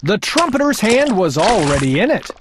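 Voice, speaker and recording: A woman narrating a children's storybook aloud in an expressive read-aloud manner. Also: medium pitch, moderate pace, background noise. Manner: expressive, voices the characters.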